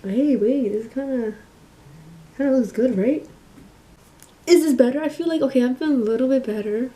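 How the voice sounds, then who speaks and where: A woman's voice: high-pitched, moderate pace, mellow. A young woman doing a casual makeup vlog in her bedroom, playful and self-mocking, swearing freely. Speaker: makeup vlogger. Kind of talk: casual vlog chat and voiceover. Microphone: camera mic in her room.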